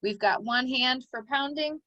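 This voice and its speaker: A woman's voice: high-pitched, unhurried, bright, forceful tone, no room sound, muffled recording. A woman teaching a recorded phonics lesson to children, giving encouraging step-by-step instructions.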